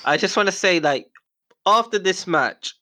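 A man's voice: sits high, expressive, normal speed, pushed and bright. Man offering opinions in casual chat. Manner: gives opinions, repeats phrases for emphasis. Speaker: podcast co-host.

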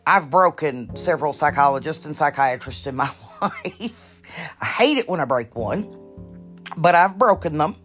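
A woman hosting her own podcast in casual chat, blunt and profane, a little nervous and halting. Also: sits low, animated, fairly bright tone, soft background music. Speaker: podcast host.

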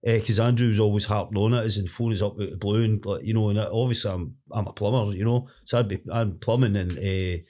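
Man, quick talker, animated casual storytelling. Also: on the low side. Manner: animated anecdotes with quoted voices. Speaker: guest, plumber.

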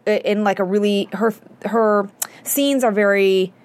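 A woman's voice: medium pitch, unhurried, no room sound. A woman hosting a fan recap show, chatting casually with fillers and hedges. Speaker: host.

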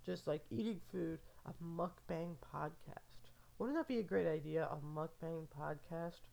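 A woman's voice: low voice, a little slow, creaky, darkish tone. A young adult woman rambling in a casual, filler-heavy podcast monologue, amused and meandering.

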